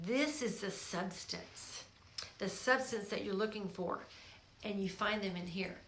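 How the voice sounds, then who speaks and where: A woman hosting a show, urging listeners in a spiritual exhortation, coaxing and emphatic, swinging from hushed tones to forceful emphasis. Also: medium pitch. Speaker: show host. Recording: roomy echo.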